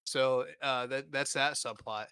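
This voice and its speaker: A man's voice: medium pitch, fairly even intonation, a little slow, bright, forceful tone, smooth, no echo, clean studio sound. A young man hosting a podcast, riffing crude comedy in a rambling, filler-heavy way. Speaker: podcast host.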